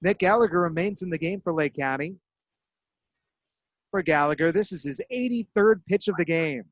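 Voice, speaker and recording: A man doing baseball play-by-play with crisp, measured delivery and dramatic emphasis on outs. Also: high voice, dry recording, lo-fi sound. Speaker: play-by-play broadcaster. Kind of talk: radio-style baseball play-by-play.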